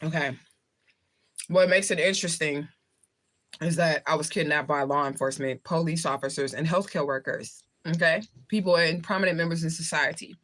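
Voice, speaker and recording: Between bites, a livestream host from the southern United States chats casually and rambles to viewers. Her voice sits low yet sounds fairly bright, keeping a steady tone at a moderate pace.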